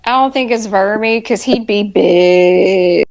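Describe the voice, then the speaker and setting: A woman's voice: mid-range voice, slow pace, vocal fry, a little mellow, low-quality recording. A woman co-hosting a casual TV review podcast, with dry, sarcastic asides. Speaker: podcast co-host.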